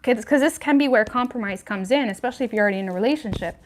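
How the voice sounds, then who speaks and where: A woman's voice: a little high, racing. A woman giving a casual livestream tarot reading, chatty and frank, with lots of "like" and "you know what I mean," laughing between points. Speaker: tarot reader.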